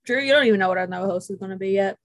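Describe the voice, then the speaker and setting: A woman's voice: medium pitch, racing, no echo. Chatty woman co-host, dry close sound. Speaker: podcast co-host. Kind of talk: casual chat.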